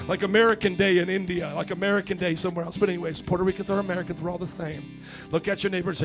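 A high-pitched male pastor delivers an energetic sermon, slipping into the voices of the people he quotes and rising to loud, emphatic peaks. He preaches in a church sanctuary, with a faint band playing softly behind him. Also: very fast, faint music behind.

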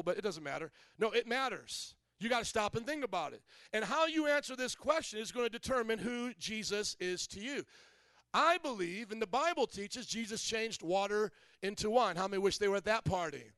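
A pastor from Indiana preaches in a high, bright-pitched male voice, keeping it loose and joking. He keeps checking in with the congregation through questions. The sound is close and dry. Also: animated, normal speed, dry recording. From Indiana, USA. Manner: conversational and joking, quizzes the congregation. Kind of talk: sermon.

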